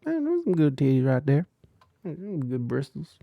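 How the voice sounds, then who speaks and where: Casting: male podcast host, gravelly, slightly high voice, dry close mic, loose rambling delivery. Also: wildly swooping pitch, normal speed, dry recording, lo-fi sound. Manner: rambling, stumbling restarts, crude jokes. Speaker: podcast host reading chat. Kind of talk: casual crude commentary.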